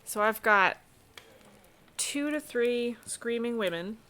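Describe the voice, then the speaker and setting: A woman acting as game master of a tabletop role-playing game, narrating and pausing to think aloud while she works a map program. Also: fairly high pitch, lively intonation, bright, forceful tone. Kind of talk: running a tabletop game over a call.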